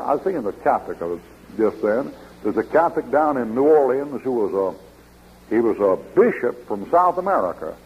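Folksy preacher on old radio. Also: male voice, mid-range voice, a little hiss or hum. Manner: folksy storytelling, reading scripture aloud. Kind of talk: sermon. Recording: dull lo-fi old radio broadcast.

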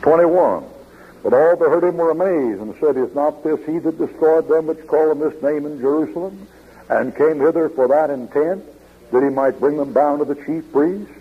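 A man's voice: on the high side, moderate pace, husky. A man preaching a sermon, telling folksy stories and reading scripture aloud. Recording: dull lo-fi old radio broadcast.

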